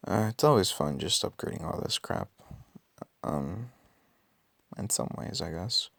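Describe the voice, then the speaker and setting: Raspy, gravelly low-voiced man. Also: lively intonation, a little slow, fairly bright tone, no room sound. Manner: thinks aloud with many ums and self-corrections. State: just woke up. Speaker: mobile game player. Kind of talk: casual gameplay commentary.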